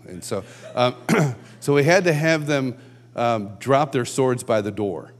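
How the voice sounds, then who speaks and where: A man giving a conversational sermon at a conference, telling stories and acting out shouted quotes. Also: medium pitch, normal speed. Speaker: conference speaker. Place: large church hall.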